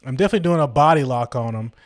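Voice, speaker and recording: A man's voice: mid-range voice, animated, very fast, dry recording, studio quality. A young man hosting a podcast, telling a story casually and with animation, acting out the people he quotes in a slangy way. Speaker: podcast host.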